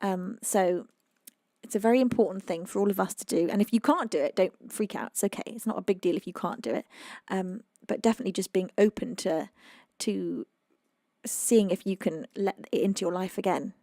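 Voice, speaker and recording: A chatty woman from the UK talks loosely to her live-stream audience, full of ums and little laughs. Her voice sits at an ordinary middle pitch. The mic is close and dry, with no room sound. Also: fairly quick, mellow, no echo. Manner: chatty, reads chat aloud, many fillers, laughs often. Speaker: singer-songwriter streamer. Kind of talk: casual live-stream chat.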